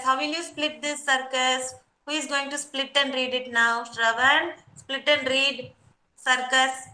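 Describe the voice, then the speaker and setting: Woman teacher drilling little kids, super slow, high voice, echoey room. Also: bright, forceful tone. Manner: slow, syllable-by-syllable drilling, praising children. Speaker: kindergarten teacher. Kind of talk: online class teaching Hindi letters.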